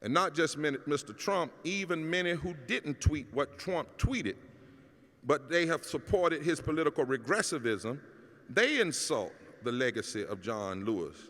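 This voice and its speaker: A middle-aged man, a pastor giving a keynote address, preaching in a rousing cadence that climbs to shouts. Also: a little high, animated, normal speed. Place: large hall at a public celebration. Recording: long hall reverb.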